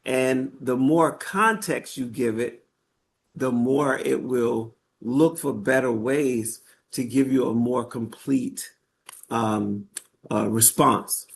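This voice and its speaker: A man's voice: medium pitch, takes it slowly, vocal fry, slight background noise. A man teaching a live online workshop in a conversational way, often checking in with his listeners and using fillers as he goes. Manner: conversational, checks in with "right?" and "okay?"; frequent fillers and restarts. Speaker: workshop instructor.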